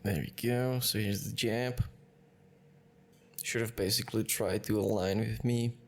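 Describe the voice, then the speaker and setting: A man's voice: on the low side, steady tone, measured pace, slight background noise. A man hosting a sim racing channel, breaking down race replays in an analytical way and often correcting himself mid-sentence. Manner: analytical, with frequent self-corrections. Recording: music bed under the voice.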